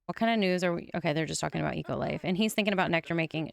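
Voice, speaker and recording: A young woman commenting on her life-simulation game, gushing and often breaking into excited squeals. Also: fairly low pitch, very fast, gravelly, hardly any pauses, no echo. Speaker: gaming YouTuber.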